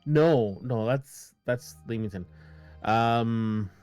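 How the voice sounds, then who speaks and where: A man in a tabletop group chatting on a voice call from home, rambling and restarting his sentences as he goes. His mid-pitched voice is picked up very dry and close on the mic. Faint music plays behind him. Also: very slow, darkish tone, smooth, no room sound. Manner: rambling, self-interrupting, laughs at own jokes. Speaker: tabletop game player. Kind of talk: casual chat on a voice call.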